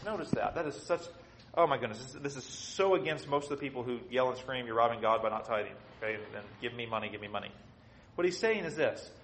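Man, preacher, sermon, shifts from hushed to loud, slightly high voice. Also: echoey room, poor audio. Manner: dynamic, swings from soft to loud, acts out quotes. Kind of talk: expository sermon.

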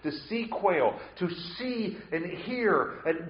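A man's voice: high voice, expressive, slow, hardly any pauses. A man preaching a verse-by-verse sermon, repeating rhetorical questions to drive his point home. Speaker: pastor. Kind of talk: expository sermon. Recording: echoey hall, dull lo-fi sound.

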